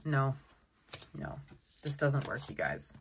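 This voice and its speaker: A woman giving a casual tarot deck walkthrough, chatty and excitable, often exclaiming over the cards. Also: rumbling low, slow pace, vocal fry, slight background noise. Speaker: tarot content creator.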